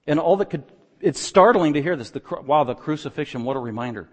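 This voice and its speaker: A man preaches an expository sermon in a somewhat high voice. He shifts between quiet, low stretches of explanation and loud, emphatic runs. His voice rings out with the long reverb of a large hall. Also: lively intonation, fast. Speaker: pastor.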